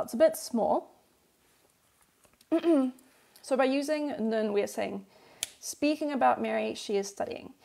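Gravelly patient woman teaching a lesson. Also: a little high, a little mellow. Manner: patient, repeats and rephrases points. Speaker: Korean language teacher. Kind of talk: live-streamed workbook lesson.

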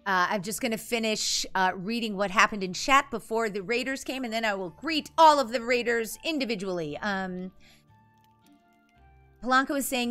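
A young woman streaming a video game, chatting casually and greeting her chat by name in an animated, jumpy way. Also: fairly high pitch, normal speed, faint music behind.

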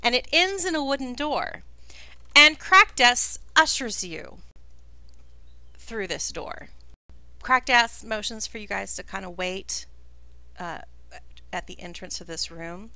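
A woman's voice: on the high side, lively intonation, slow, long pauses, pushed and bright, dry recording. A woman narrating as game master of a tabletop game, describing scenes in a chatty way.

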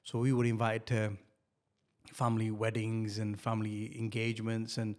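A middle-aged man, telling a personal story as a podcast guest, halting and repeating words with many fillers. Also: fairly low pitch, monotone. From northern England.

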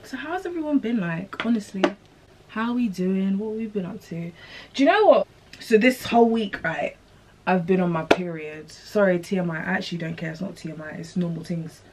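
A young woman chatting casually to viewers as she installs a wig, slangy and animated. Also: mid-range voice, normal speed, noisy background. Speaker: beauty vlogger.

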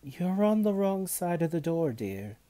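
Storybook figure: a sharp, scolding school cook, pitched high and slow, read by a man. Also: very animated. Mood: brisk. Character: stern no-nonsense female school cook.

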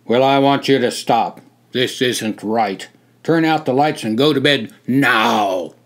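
A man playing a loud, commanding army officer. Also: mid-range voice, takes it slowly, close to an everyday voice. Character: stern male army duty officer, commanding.

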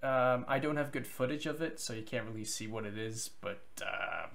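A man's voice: medium pitch, moderate pace, creaky, a bit bright. A man narrating his vacation vlog in a casual, rambling, offhand way. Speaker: vlogger narrating his trip.

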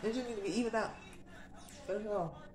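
A woman's voice: mid-range voice, fairly quick, darkish tone. Sassy young woman chatting in an echoey room. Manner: sassy, conversational, slangy. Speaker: vlogger. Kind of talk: casual chat to camera.

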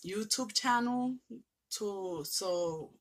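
A woman's voice: mid-range voice, lively intonation, very slow. A woman vlogger, teary and emotional, gushing with thanks as she opens mail from a friend. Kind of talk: casual vlog, opening mail on camera.

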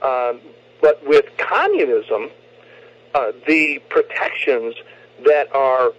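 A man's voice: mid-range voice, animated, takes it slowly. A man talking politics on a radio show, emphatic and often repeating words as he restarts. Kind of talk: political talk radio discussion. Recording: muffled lo-fi radio recording.

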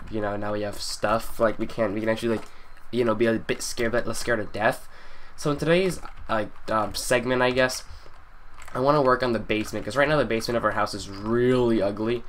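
A young man's mid-pitched voice, rambling through his gameplay in a loose, chatty way and now and then yelping with excitement. He speaks into a desk microphone, and faint keyboard typing can be heard behind him. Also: a little hiss or hum. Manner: chatty, excitable, with sudden yelps. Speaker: gaming youtuber. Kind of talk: casual gameplay commentary.

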